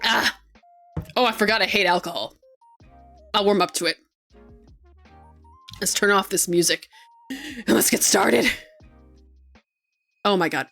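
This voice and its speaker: With faint music playing behind her, a young adult woman chats on her live stream in a mid-range voice, a little slow and with frequent pauses. She's excitable and effusive at her desk microphone, laughing often and cursing freely.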